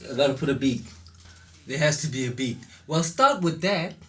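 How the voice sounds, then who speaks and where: A man's voice: medium pitch, expressive, normal speed, distant mic. A male radio host giving brief, encouraging interjections during an interview. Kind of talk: casual interview chat.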